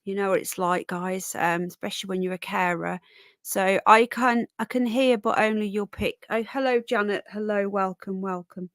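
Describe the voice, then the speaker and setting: Sitting on her bed, a woman runs a livestream podcast through her own mic on a camera setup, rambling casually and offering warm hellos to viewers by name. Her medium-pitched voice keeps fairly even intonation at a normal speed, with no room sound.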